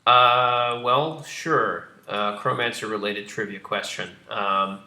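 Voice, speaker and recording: A man's voice: fairly low pitch, takes it slowly, bright, forceful tone, reverberant. A man on a live stream, explaining his strategy card game while he plays it and answering viewer questions with many fillers. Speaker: game designer streaming gameplay. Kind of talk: casual live-stream commentary.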